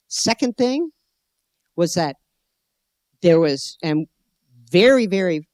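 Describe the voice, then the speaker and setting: A middle-aged woman with an American accent speaks at a conference, drifting from one story to the next and pausing to find her words. Her voice is recorded very dry and close, with no room sound. She sounds like a scholar thinking out loud for a live audience. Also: on the low side, expressive, no echo. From United States. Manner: digressive, storytelling, searching for words. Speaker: anthropologist speaker. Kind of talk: conference talk. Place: gallery venue indoors.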